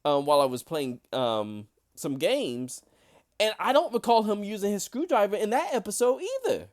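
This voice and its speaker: Hesitant man with a lively, high voice. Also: moderate pace. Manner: hesitant, many fillers and restarts. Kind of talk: casual fan discussion.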